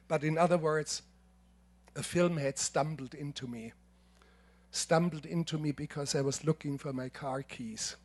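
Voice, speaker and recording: A man in his seventies with a German accent giving a lecture, telling anecdotes in a measured, emphatic way with frequent restarts. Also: on the high side, pushed and bright. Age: 70s. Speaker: filmmaker giving a masterclass. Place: lecture hall.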